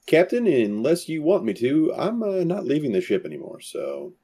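A man's voice: on the high side, huge pitch swings, moderate pace, warm tone. A man playing in a tabletop game, speaking bluntly and matter-of-factly. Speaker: player. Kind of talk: casual tabletop game talk.

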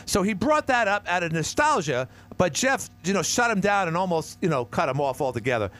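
A middle-aged man hosting a call-in radio show, jovial and quick to laugh. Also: sits high, sing-song, a bit bright, soft background music. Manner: jovial, laughs often, interrupts. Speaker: radio talk show host.

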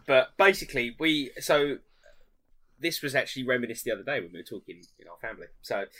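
A man's voice: mid-range voice, fairly bright tone. A man, co-hosting a casual podcast and telling a childhood story with lots of laughter. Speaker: podcast co-host.

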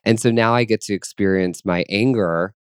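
A man talking openly about his feelings in a relaxed chat, earnest and searching, with many fillers and restarts. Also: lowish voice, moderate pace, clean tone, no echo, clean studio sound. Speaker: guest. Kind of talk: reflective personal chat.

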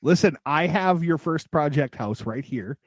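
A man's voice: a little high, expressive, a little slow, dry recording. A man hosting a podcast, interviewing his guest in a friendly, teasing, casual way. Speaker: podcast host.

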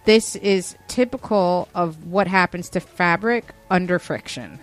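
A woman's voice: lowish voice, measured pace, soft background music. A woman in her thirties casually telling a story, mimicking the people in it with lots of "like" fillers. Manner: animated, acts out customers in quoted voices, many "like" fillers. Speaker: podcast co-host telling a retail story.

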